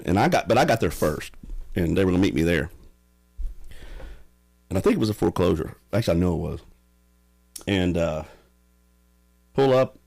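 A man casually telling stories, animated and often laughing. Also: sits low, vocal fry. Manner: animated, laughing, drawling storyteller. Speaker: podcast guest. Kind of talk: casual storytelling.

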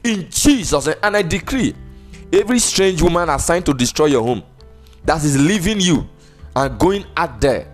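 A man's voice: on the high side, animated, moderate pace, soft background music. A man with a Nigerian accent, a pastor delivering a sermon and fervent prayer in repeated, sing-song decrees. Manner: emphatic, repetitive decrees.

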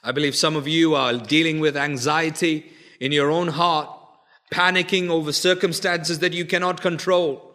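Bright-voiced man preaching a sermon. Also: steady tone, normal speed. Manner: swings from loud urgent pleading to hushed low intensity; repetitive rhetorical preaching.

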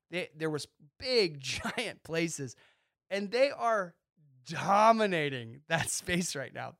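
A man hosting his own podcast, talking excitedly in a casual monologue and acting out quick bits of dialogue. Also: a little high, no room sound, clean studio sound. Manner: excitable, animated, talks with his hands in quoted dialogue. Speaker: podcast host.

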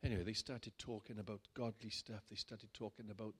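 A man, a pastor, telling a personal story in a sermon in a chatty way that builds to loud, emphatic bursts. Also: lowish voice, fairly even intonation, fairly quick, slightly rough. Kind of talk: sermon testimony.

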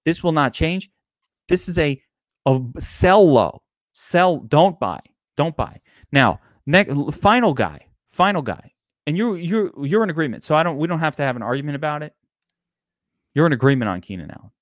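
A man's voice: on the high side, sing-song, moderate pace, dry recording, studio quality. A man co-hosting a casual fantasy football podcast, ranting and swearing freely as he argues. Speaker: podcast co-host. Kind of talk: casual sports podcast debate.

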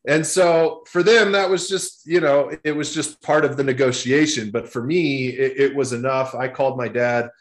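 A man's voice: mid-range voice, moderate pace, few pauses. A man in his forties from Texas, a guest telling long stories in a casual interview, with many restarts. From Texas, USA. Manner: rambling, repeats words and restarts often.

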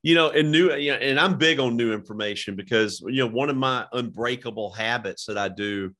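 A middle-aged man hosting a casual interview, talking haltingly with many restarts and "you know"s. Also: medium pitch, bright, forceful tone. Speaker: podcast host.

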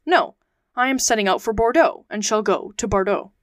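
A woman's voice: mid-range voice, moderate pace, dry recording, clean studio sound, close to an everyday voice. A woman reading the part of a blunt middle-aged male sea captain in an audiobook, with short, clipped refusals. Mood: curt.

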